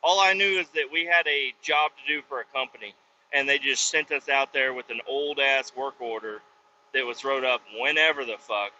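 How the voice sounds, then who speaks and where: Guy ranting in his truck, really bright sharp voice, kinda dull lo-fi sound w/ faint road noise. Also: medium pitch, moderate pace. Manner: profane, animated, acts out voices in retelling. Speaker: vlogger and truck driver. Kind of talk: casual storytelling. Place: inside a pickup truck with windows down.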